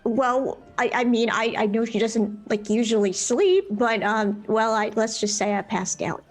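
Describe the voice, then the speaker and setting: A woman's voice: fairly high pitch, faint music behind. A woman playing a tabletop game, speaking hesitantly and joking at her own expense. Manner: halting, self-mocking. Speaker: player. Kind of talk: in-character roleplay chat.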